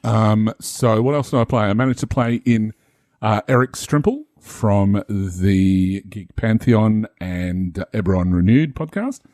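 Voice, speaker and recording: A man's voice: lowish voice, measured pace, darkish tone, no room sound, clean studio sound. A man, a game master co-hosting a casual podcast, rambling and self-deprecating with many fillers.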